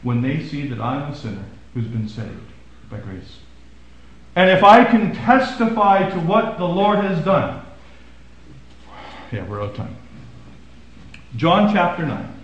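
A male pastor preaching a sermon, swinging from loud emphasis to hushed, quiet asides. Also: on the high side, very animated, measured pace, long pauses, heavy reverb, dull audio.

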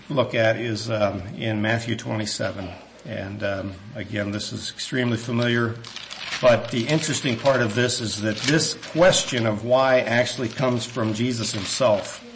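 A man preaching a sermon in a church, earnest and measured, with some hesitant restarts, slowing down when he reads scripture. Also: medium pitch, a little hiss or hum.

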